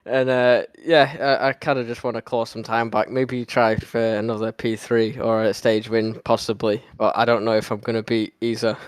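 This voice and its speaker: A man's voice: mid-range voice, little pitch movement, normal speed, few pauses, smooth, dry recording. A man being interviewed about his rally run, easygoing and a little hesitant. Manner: easygoing, laughs softly, hesitant. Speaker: driver interviewed on stream. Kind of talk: casual interview.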